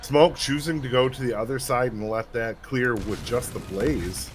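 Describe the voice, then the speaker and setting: A man's voice: mid-range voice, moderate pace, soft background music. A man co-casting an esports match, giving play-by-play commentary in a joking, easygoing way. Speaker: esports co-caster. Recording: steady background noise.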